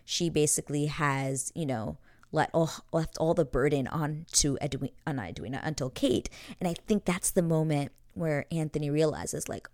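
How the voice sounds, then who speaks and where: Low-voiced chatty young woman. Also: normal speed, a little mellow, no room sound, studio quality. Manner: chatty, peppered with "like" and laughs. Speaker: show host. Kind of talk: casual episode recap.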